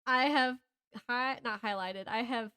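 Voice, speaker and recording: A woman with a Southern American accent chats about books on a casual podcast. Her voice sits somewhat high. She rambles, breaks off mid-sentence and laughs a lot as she talks. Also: a little slow, bright, forceful tone, smooth. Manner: rambling, self-interrupting, laughs often. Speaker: podcast co-host.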